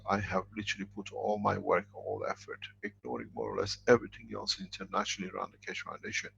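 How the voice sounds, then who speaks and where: A middle-aged man lecturing and answering questions, speaking in halting, broken phrases over a dull lo-fi online call. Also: on the low side, vocal fry, slight background noise. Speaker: foundation leader answering questions.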